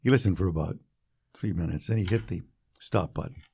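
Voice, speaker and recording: An older man, a radio broadcaster recalling his early career in an unhurried, anecdotal interview manner. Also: low voice, vocal fry, slightly rough. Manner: warm anecdotal storytelling, drops quietly for quoted lines. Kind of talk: storytelling interview.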